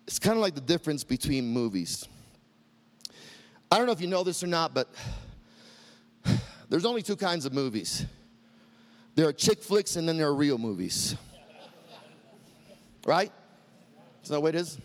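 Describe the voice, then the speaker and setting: A middle-aged man preaching a sermon, rousing and impassioned, shouting refrains and then easing into wry asides. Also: on the high side, big pitch swings, moderate pace, long pauses. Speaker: pastor.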